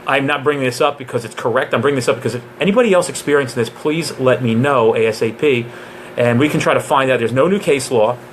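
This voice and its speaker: A man's voice: mid-range voice, fast talker, a little hiss or hum. A man who trains police officers, giving a casual live question-and-answer session with jokes and digressions.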